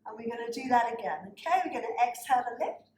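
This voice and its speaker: A woman's voice: fairly high pitch, expressive, quick pace, a little mellow, echoey room, slight background noise, rough recording. A woman teaching a pilates class, cueing breaths and counting reps while slightly out of breath. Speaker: pilates instructor. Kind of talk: guided workout instruction.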